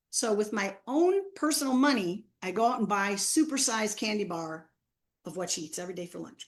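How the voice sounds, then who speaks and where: A woman presenting an online training seminar, her pitch sitting in the middle range. She tells a classroom story with animated acted-out quotes.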